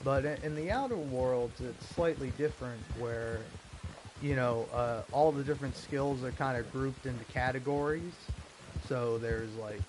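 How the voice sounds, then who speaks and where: A man's voice: medium pitch, normal speed, noisy background. A man talking casually over gameplay, rambling and hesitant with many filler words. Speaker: gaming video host. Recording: voice over game music. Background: game music and horse hooves.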